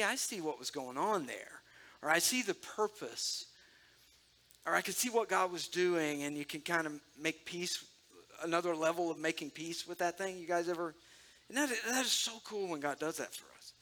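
A man delivers personal testimony in a sermon style, talking straight to his listeners. His voice is bright and sits a little high. He speaks with conversational warmth and emotion. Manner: conversational, emotional, addresses the audience directly.

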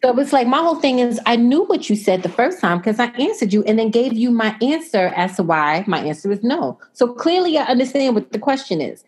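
A woman's voice: on the high side, a little fast, few pauses, breathy edge. A young adult woman chatting casually and telling a long story, acting out what people said. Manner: animated storyteller, quotes herself and others in voices.

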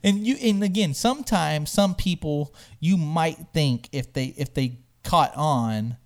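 A man casually telling a funny story in conversation, acting out the quoted lines with lively voice jumps. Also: slow. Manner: animated, acts out quotes with rising pitch.

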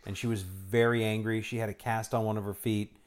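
A man chatting casually, blunt and profane, who is quick to laugh and to tease. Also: on the low side, little pitch movement. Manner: blunt, profane, easily amused. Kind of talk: casual chat.

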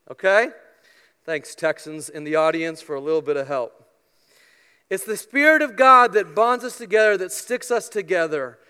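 A man preaching a sermon to his congregation, earnest and emphatic, with playful asides, swinging between loud stressed lines and quiet ones. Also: high-pitched, smooth, long reverb tail. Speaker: pastor. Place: church sanctuary with congregation.

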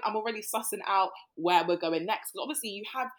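A woman, co-hosting a podcast and telling a story in casual chat, animated and full of swearing. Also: medium pitch, fast talker, few pauses. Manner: animated, swearing, mimics people. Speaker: podcast co-host.

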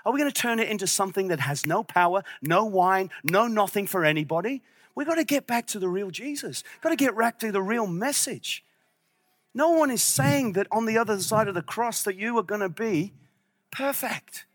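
High-voiced passionate male preacher. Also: animated, normal speed, no room sound. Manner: passionate, at times shouting. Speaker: pastor. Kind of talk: sermon.

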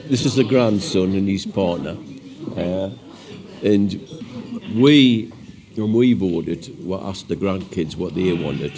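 A man's voice: low-pitched, slow pace, crowd noise. A man in his seventies, a pensioner, gives plainspoken opinions in a street interview outdoors on a hill pass. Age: 70s.

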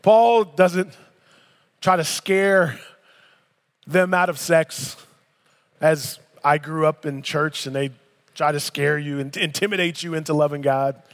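A man's voice: fairly high pitch, slow pace, pauses often. A man in his thirties preaching a sermon in a church, reading scripture and breaking into casual, emphatic asides. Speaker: pastor. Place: church sanctuary. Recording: long reverb of a large hall.

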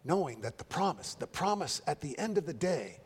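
A man pastor preaching a sermon in a measured way, often repeating words as he builds each phrase. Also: fairly high pitch, big pitch swings, husky. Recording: long reverb of a large hall.

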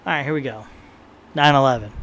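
In a rambling, profane podcast monologue, a young man from the San Diego area talks fast in a medium-pitched, slightly bright voice. He tells stories while quoting his inner thoughts, with slight background noise.

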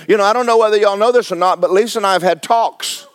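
A man's voice: high-pitched, quick pace, clear, resonant tone, no room sound. Man, pastor, blunt exhorting sermon, dry close sound. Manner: blunt, exhorting, rhetorical questions to the congregation.

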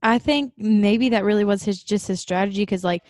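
A woman co-hosting a podcast, telling a story in halting bursts full of "like" and restarts. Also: mid-range voice, darkish tone, dry recording, studio quality. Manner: halting, filler-heavy storytelling. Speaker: podcast co-host. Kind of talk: casual chat.

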